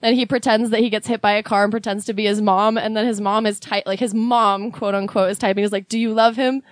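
A woman co-hosting a casual podcast chat, giggly and animated as she retells stories. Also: medium pitch, quick pace, no room sound, studio quality. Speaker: podcast co-host.

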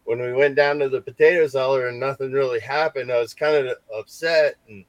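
A man recounting a hunt for ghosts in loose, conversational talk. He rambles, circling back with fillers and restarts. His voice is mid-pitched and sits close and dry on the mic. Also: fairly even intonation, brisk, no room sound. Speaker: paranormal investigator. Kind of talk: casual storytelling on a podcast.

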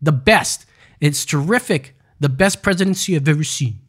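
A man's voice: a little high, animated, moderate pace, a bit bright, husky. A man putting on an impression of a boastful older male politician, repeating superlatives.

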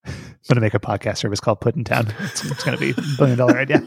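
A man hosts a casual podcast, rambling and laughing through loose, profane banter. His voice has a gravelly fry and a husky edge. The sound is dry and close, with a lively laugh breaking in often. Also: mid-range voice, fast, dry recording. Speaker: podcast host.

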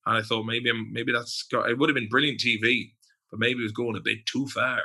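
A man's voice: medium pitch, little pitch movement, brisk, bright, forceful tone, breathy edge. An Irish man, a podcast guest, telling stories in casual chat, swearing and acting out quotes. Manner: storytelling, profane, with acted-out quotes.

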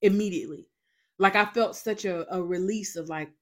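A woman's voice: mid-range voice, normal speed. A young woman hosting a faith show, telling a personal testimony in a dramatic, emphatic way with lots of repetition.

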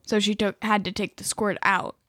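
A woman's voice: medium pitch, level tone, moderate pace, fairly bright tone, no echo, studio quality. A young woman co-hosting a casual family podcast with her father, playful and giggly, speaking into a podcast microphone. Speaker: co-host, host's daughter.

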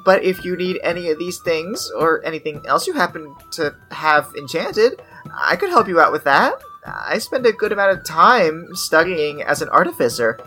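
A woman's voice: fairly low pitch, big pitch swings, moderate pace, bright, forceful tone, faint music behind. A woman voicing a polite female dwarf artificer who runs a shop and tries to keep the peace. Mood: helpful. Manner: polite, accommodating.

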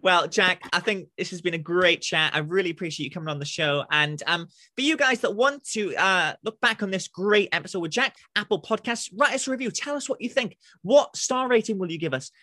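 A man's voice: high voice, fairly quick, few pauses, bright, forceful tone, no echo, studio quality. A man hosting a casual podcast interview, upbeat and effusive, often stumbling over his words. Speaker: podcast host.

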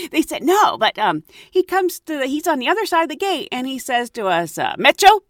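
A woman's voice: sits high, sing-song, moderate pace, no room sound, studio quality. A woman casually telling a travel story, acting out the voices of the people in it and laughing often.

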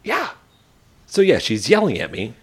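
A man in his thirties, co-hosting a podcast, recounts a story in easygoing chat with a medium-pitched, slightly rough voice at a moderate pace. Animated throughout, he impersonates the people involved when quoting them.

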